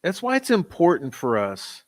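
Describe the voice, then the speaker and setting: A man's voice: a little high, wildly swooping pitch, moderate pace. A man hosting a true-crime commentary channel, talking in a skeptical, exasperated way. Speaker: channel host.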